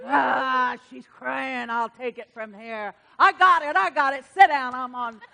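God as an eager warrior played by a woman, commanding, excited, shouting, high, bright. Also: measured pace, vocal fry, exaggerated voice. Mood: triumphant, eager. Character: God as an eager, take-charge mighty male warrior.

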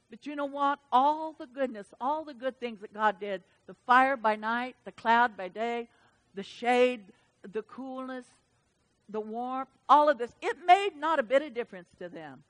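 A woman preaching a sermon to her church, reading scripture and surging from soft asides to loud, fervent exclamations. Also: on the high side, measured pace. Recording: long hall reverb.

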